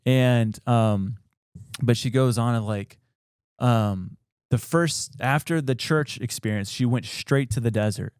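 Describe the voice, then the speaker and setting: A man's voice: mid-range voice, slow pace, darkish tone, clean tone, no echo, studio quality. A man hosting a podcast, retelling an old story in a loose, rambling way full of fillers. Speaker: podcast host. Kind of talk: casual storytelling.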